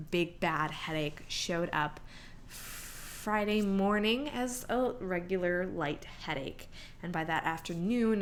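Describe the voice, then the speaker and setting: A young woman talks through her week in a relaxed vlog, her voice sitting on the low side. She leans on fillers and breaks into quick impressions of her own reactions. A faint hiss of room noise stays under her voice. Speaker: vlogger. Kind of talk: casual pregnancy vlog chat.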